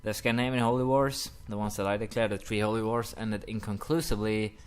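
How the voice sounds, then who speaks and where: Young guy chatting over his strategy game, kinda low voice, lots of uh's. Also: fairly even intonation, fast, clean tone. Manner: rambling, many "uh" fillers, apologetic asides. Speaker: gaming commentator. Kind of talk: casual let's-play commentary.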